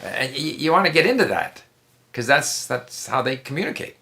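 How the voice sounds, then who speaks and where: A man's voice: mid-range voice, very animated, moderate pace, creaky, pushed and bright. A man speaking as the guest on a language-learning interview, giving conversational advice in an emphatic way, often repeating himself and restarting his sentences.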